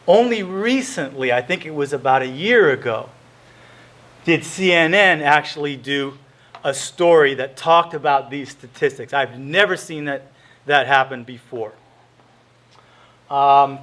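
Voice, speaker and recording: A man's voice: fairly high pitch, a bit bright. Earnest middle-aged man presenting a talk. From California. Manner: earnest, self-correcting, many restarts. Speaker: lawyer giving a presentation. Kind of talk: lecture-style talk with slides.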